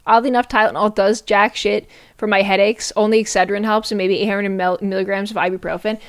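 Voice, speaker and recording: A woman's voice: medium pitch, steady tone, brisk, clean tone. A young adult woman streamer chatting casually to her viewers, swearing and using slang, often laughing.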